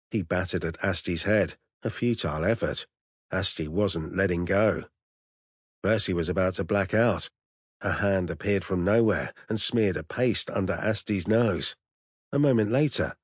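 Deep husky male audiobook narrator. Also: no echo, clean studio sound. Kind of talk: scripted narration.

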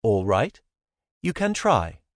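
A man voicing a guarded, fiery young foreign woman with a lilting accent, firing off sharp questions. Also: lowish voice, wildly swooping pitch, takes it slowly, no room sound, studio quality, heavily acted. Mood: guarded, insistent.

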